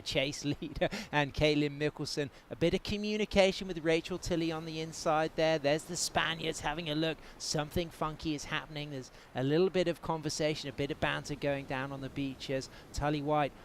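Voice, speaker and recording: A man's voice: on the high side, steady tone, a little fast, hardly any pauses, a little hiss or hum. A man with an English accent doing live play-by-play commentary on a surfing contest. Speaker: surf commentator.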